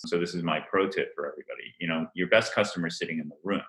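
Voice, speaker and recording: A middle-aged man from Rhode Island with no regional accent, telling stories with an animated, laughing manner as an interview guest. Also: low voice, racing, reverberant, poor audio. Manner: animated storytelling with frequent laughs. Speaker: event planner guest. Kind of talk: casual interview chat.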